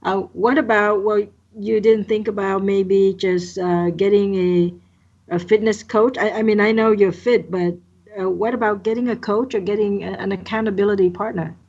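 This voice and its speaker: A woman's voice: mid-range voice, steady tone, moderate pace, a little mellow. A woman hosting a podcast interview, asking curious follow-up questions. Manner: inquisitive, light laughter. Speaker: podcast host. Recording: muffled lo-fi audio.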